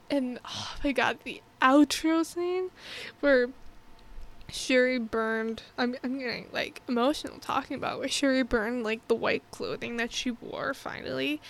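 A woman with a high voice talks through a film in a casual review vlog. She is earnest and heartfelt, rambling and restarting her thoughts as she goes. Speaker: movie reviewer.

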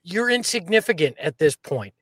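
Male podcast co-host, high voice, fired-up and jokey, dry close mic. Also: sing-song, normal speed, fairly bright tone, no echo. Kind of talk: casual fan podcast chat.

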